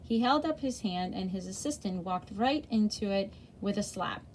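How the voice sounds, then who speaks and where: A woman's voice: medium pitch, animated, moderate pace, a little hiss or hum. A woman reading a chapter book aloud to children in a friendly way, with small slips and self-corrections.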